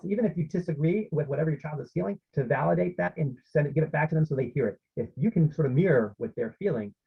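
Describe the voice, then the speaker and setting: Husky gravelly man presenting a webinar. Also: mid-range voice, phone-quality sound. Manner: explanatory, often checks in with the audience. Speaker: parenting workshop presenter.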